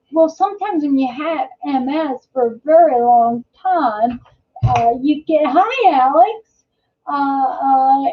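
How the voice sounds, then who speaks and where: High-pitched lady rambling slow on a livestream, lots of uh's, saying hi to viewers, muffled lo-fi audio. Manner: rambling, chatty, many fillers and restarts, greets viewers mid-story. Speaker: host of a live chat show. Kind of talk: casual live-stream chat. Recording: dull lo-fi live-stream audio.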